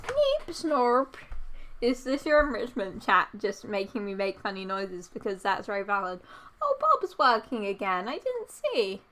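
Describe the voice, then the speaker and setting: A woman's voice: medium pitch, very animated, moderate pace, bright, forceful tone, a little hiss or hum. A young woman streaming live, chatting casually to her chat and repeating silly noises in a goofy, playful way.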